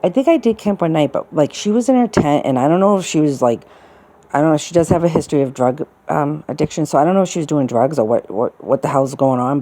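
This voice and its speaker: A woman's voice: low voice, dark tone. A middle-aged woman telling a personal story in a casual, rambling way, full of restarts and fillers. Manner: rambling, many restarts and fillers, quotes people in put-on voices.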